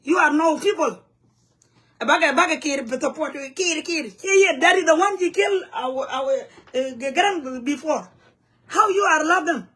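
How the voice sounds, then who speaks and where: High-voiced woman. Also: unhurried, fairly bright tone. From South Sudan. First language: Nuer. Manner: heated, blunt, broken English mixed with Nuer phrases. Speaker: community vlogger. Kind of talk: angry direct-to-camera rant. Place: home in the U.S.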